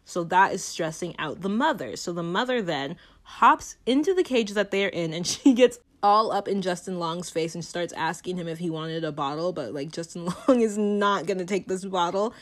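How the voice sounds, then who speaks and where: A woman's voice: lowish voice, moderate pace, hardly any pauses. A young woman giving a chatty, dramatic movie recap and laughing often.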